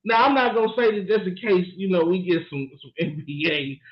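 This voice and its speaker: A man's voice: high-pitched, animated, fairly quick. A man co-hosting a sports podcast, talking emphatically with laughter and playful trash talk. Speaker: podcast co-host. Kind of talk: casual sports chat. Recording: echoey, dull lo-fi room sound.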